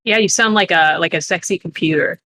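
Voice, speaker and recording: A man chatting as a podcast co-host, easygoing and quick to tell a story. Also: high-pitched, bright, forceful tone, slight background noise. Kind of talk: casual chat.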